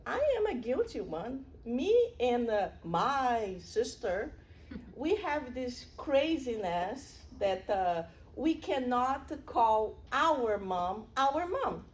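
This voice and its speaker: A woman's voice: a little high, very animated, takes it slowly. A middle-aged woman giving a public spiritual lecture in an earnest, conversational way, with personal stories.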